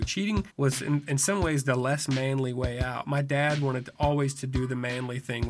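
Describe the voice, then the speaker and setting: A man in his thirties telling a personal story in a wry, self-mocking, conversational way. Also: mid-range voice. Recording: music heard behind the voice. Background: music.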